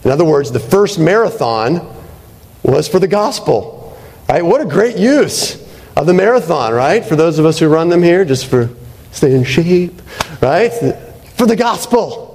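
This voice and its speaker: A man's voice: on the high side, big pitch swings, a little slow, darkish tone. A male pastor preaching a sermon in a conversational way, often checking in with "right?". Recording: reverberant hall.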